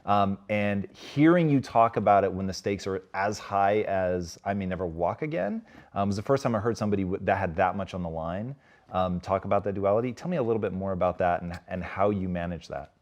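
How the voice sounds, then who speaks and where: A man hosting an interview, asking measured, thoughtful questions. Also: low-pitched. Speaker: interview host. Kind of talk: conversational interview.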